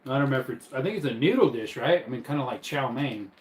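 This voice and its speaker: A man's voice: medium pitch, lively intonation, fast, roomy sound, rough recording. A man casually hosting a live stream from his bedroom, easygoing and chatty as he reads viewer comments and laughs often. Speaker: livestream host.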